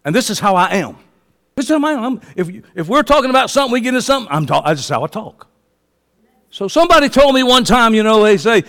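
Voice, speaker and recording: A man, preaching a passionate sermon that swings from quiet asides to shouting. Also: high voice, big pitch swings, fast. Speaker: pastor. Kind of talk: fiery sermon. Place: church sanctuary. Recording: long reverb of a church hall.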